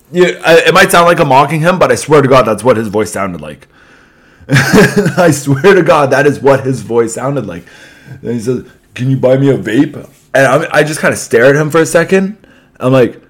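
Chatty guy telling a story. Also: mid-range voice. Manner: chatty, laughs often, swears, keeps asking "right?". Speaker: podcast host. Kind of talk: casual storytelling monologue.

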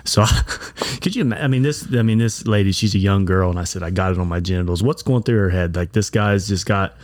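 A man's voice: sits low, fairly quick, darkish tone, dry recording, studio quality. A man co-hosting a podcast, telling a crude story in a blunt, casual way. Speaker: podcast co-host. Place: bar.

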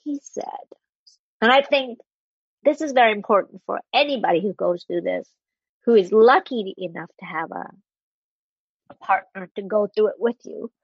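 A woman with a husky, slightly breathy voice shares a personal story in an earnest, heartfelt way, stopping and restarting now and then. The sound is dry and close, on a dull, lo-fi recording. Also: mid-range voice, normal speed, pauses often, no echo. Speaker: interview guest. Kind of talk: candid personal storytelling in conversation.

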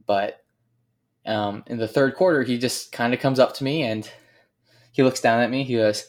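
A man telling a heartfelt personal story about a late teammate, earnest and reflective, often pausing and searching for words. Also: mid-range voice, steady tone. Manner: earnest, reflective, halting with frequent pauses. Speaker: speaker remembering a late teammate.

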